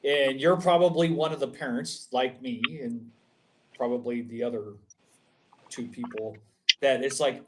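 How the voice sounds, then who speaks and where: Slow-talking, swearing podcast man. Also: medium pitch, noisy background. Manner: rambling and profane. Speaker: podcast host. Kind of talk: casual chat.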